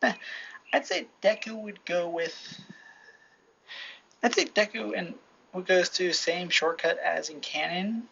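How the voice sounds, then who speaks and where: A woman telling a rambling fan-fiction story from home into a computer mic, halting and restarting often. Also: fairly low pitch, creaky, fairly bright tone. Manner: halting, full of restarts and fillers. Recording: lo-fi, faint hiss.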